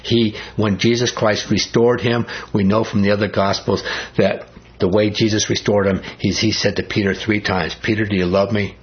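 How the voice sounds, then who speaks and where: A man preaching a sermon as pastor, speaking in a conversational, animated way that builds in emphasis. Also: on the low side, moderate pace, highs cut off.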